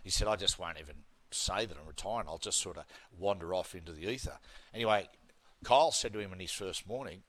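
A man's voice: deep voice, fairly quick, a bit bright. A middle-aged man with an Australian accent, a guest host chatting casually and telling laughing, blokey stories. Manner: laughing storyteller, blokey banter. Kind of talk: casual sports chat.

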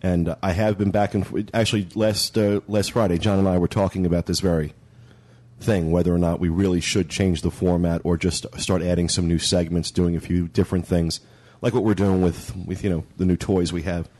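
Man, podcast host, very low voice, casual rambling chat. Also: little pitch movement, fairly quick, darkish tone.

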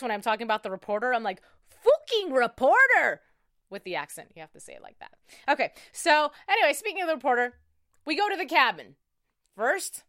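A woman's voice: fairly high pitch, fairly bright tone, no room sound, studio quality. A woman hosting a casual recap podcast, chatty and rambling, often cutting herself off mid-thought. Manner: chatty, rambling, self-interrupting. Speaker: podcast host.

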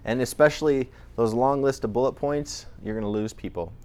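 A man's voice: medium pitch, brisk, darkish tone, clean tone. A man presenting at a conference, talking conversationally with frequent restarts. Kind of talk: conference talk.

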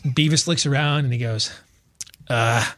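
A man's voice: on the high side, moderate pace. A man hosting a talk show, telling stories with lots of stammers and restarts in casual banter. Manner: animated storyteller, stammers and restarts.

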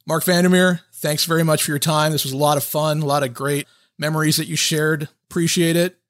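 A man hosting a sports podcast, asking questions in a measured, conversational way. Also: a little high, little pitch movement, a bit bright, dry recording, clean studio sound. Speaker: podcast host. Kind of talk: podcast interview.

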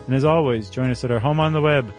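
A man's voice: medium pitch, fast, darkish tone, faint music behind. A man co-hosting a podcast, chatting casually and joking, with frequent ums as he thinks aloud. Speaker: podcast co-host. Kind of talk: casual chat.

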